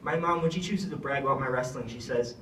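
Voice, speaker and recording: A man's voice: medium pitch, quick pace, fairly bright tone, slight background noise. A young man giving a heartfelt, rambling thank-you speech with many fillers. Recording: echoey room, speaker far from mic.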